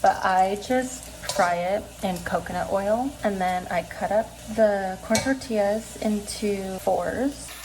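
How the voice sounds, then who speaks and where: A woman's voice: mid-range voice, takes it slowly, few pauses, background noise. A young woman vlogging casually, chatty and self-conscious, clipping her words short. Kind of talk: casual vlog talk. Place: home kitchen, then car.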